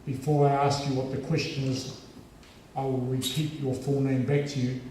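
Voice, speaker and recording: A man voicing a stern, imperious older woman lecturer who speaks slowly in a hushed, clipped, commanding tone, in an echoey hall. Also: mid-range voice, little pitch movement, distant mic, slight background noise, natural voice.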